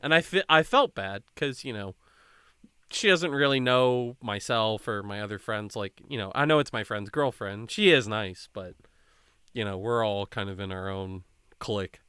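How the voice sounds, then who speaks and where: A man's voice: on the low side, moderate pace, sharp tone, smooth, no echo, clean studio sound. A young man hosting a podcast, telling a rambling, swear-filled story in casual chat and quoting people along the way. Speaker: podcast host.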